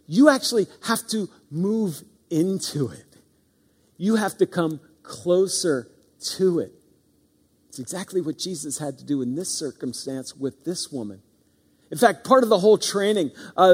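High-voiced preacher in a reverberant hall. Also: male voice, darkish tone, slightly rough. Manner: earnest, with pauses and slowed stress. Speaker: pastor. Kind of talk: sermon.

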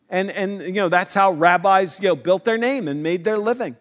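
A man's voice: high voice, moderate pace, fairly bright tone. A man preaching a sermon in an earnest, conversational way that builds to emphatic points.

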